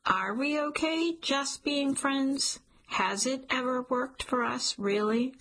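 A woman reading the lines of an earnest young man in an audiobook, gently teasing and sincere. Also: mid-range voice, very animated, normal speed, gravelly, breathy edge, exaggerated voice.

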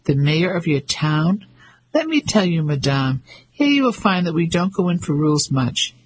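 Male reader as a teasing, self-assured fisherman; husky, slightly high. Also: big pitch swings, moderate pace, rough recording. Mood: mocking. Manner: mocking, confident.

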